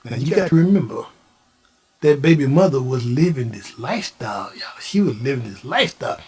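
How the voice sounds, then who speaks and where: A middle-aged man from Houston, Texas, telling his own story as host in a slow preaching cadence that keeps addressing the listeners as "y'all". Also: mid-range voice, expressive, darkish tone, slightly rough. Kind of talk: personal storytelling monologue.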